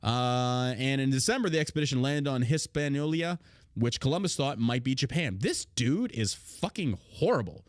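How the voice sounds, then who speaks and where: A man's voice: medium pitch, animated, normal speed, dry recording, clean studio sound. A man hosting a podcast, swearing often and mocking as he reads out history and rants. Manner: crude, mocking, swears a lot. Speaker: podcast host. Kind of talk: casual podcast rant, reading aloud.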